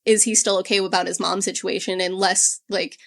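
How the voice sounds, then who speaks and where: A woman's voice: mid-range voice, flat delivery, a little fast, creaky. A woman in a casual podcast book club chat, animatedly retelling a plot with quoted lines and frequent swearing.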